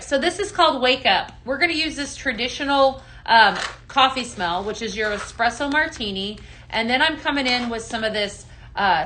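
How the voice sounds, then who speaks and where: A woman hosting a live home-fragrance sales stream, chatting casually, greeting viewers by name and filling pauses with ums. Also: a little high, bright, forceful tone, slight background noise. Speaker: live shopping show host.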